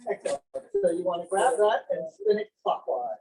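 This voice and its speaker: A man's voice: high-pitched, wildly swooping pitch, brisk, mellow, far from the mic, poor audio. A man presenting a traveling museum of inventions to a live audience, talking in a playful, joking way and pulling in volunteers. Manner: playful, jokey, audience-engaging. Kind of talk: interactive demonstration talk. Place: senior center room, indoors.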